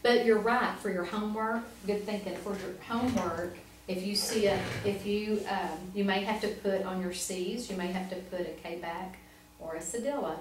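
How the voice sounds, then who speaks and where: A woman's voice: medium pitch, fairly even intonation, normal speed, hardly any pauses. Patient woman teacher in a roomy classroom. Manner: patient, encouraging, step-by-step prompting. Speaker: reading teacher. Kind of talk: one-on-one tutoring demonstration. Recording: roomy, from far off, faint noise.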